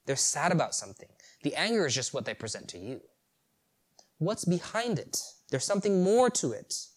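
A man preaching a sermon, animated, asking rhetorical questions and chuckling at the story. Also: on the high side, moderate pace.

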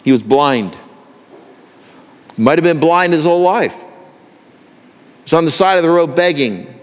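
Male preacher, earnest sermon, fairly high voice, long hall reverb. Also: lively intonation, measured pace. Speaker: pastor.

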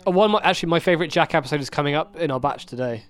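Casual male co-host, smooth and slightly high voice, chatty and quick to laugh. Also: fairly bright tone. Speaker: podcast co-host. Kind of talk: casual chat watching a show.

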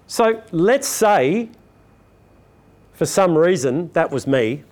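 A man's voice: a little high, sing-song, slow, darkish tone. An older man, a public speaking coach, giving a chatty motivational talk to a live audience and asking it questions.

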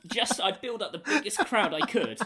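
A man in casual chat, telling an animated story with many fillers and frequent laughter. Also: high voice, moderate pace, a crowd in the background.

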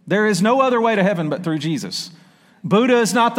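Preacher guy, kinda high voice, church reverb all around, goes big and slow on scripture then quick asides to the crowd. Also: big pitch swings. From South Arkansas. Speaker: pastor. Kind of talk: sermon. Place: church sanctuary. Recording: long church-hall reverb.

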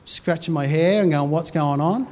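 Man, forties, pastor, sermon, conversational storytelling, repeats himself, fairly high voice. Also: moderate pace, a little mellow. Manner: conversational storytelling with many restarts. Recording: reverberant hall.

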